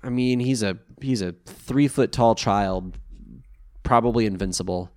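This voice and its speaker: A man co-hosting a podcast in casual chat, recapping an anime episode in a wry, animated way with the odd swear. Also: on the low side, unhurried.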